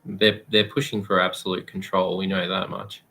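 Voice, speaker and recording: A man's voice: sits low, level tone, moderate pace, bright, forceful tone. A man chatting casually, dry and sardonic, hesitating often with fillers. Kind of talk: casual chat.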